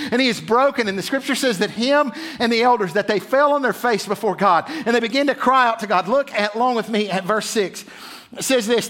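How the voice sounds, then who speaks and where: A man's voice: high-pitched, fairly bright tone. A male pastor preaching a sermon, reading scripture aloud and often repeating words as he builds intensity.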